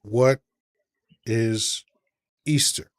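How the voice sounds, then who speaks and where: A man voicing God as a stern judge at heaven's gate, speaking flatly. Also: mid-range voice, extremely slow, no room sound, clean studio sound.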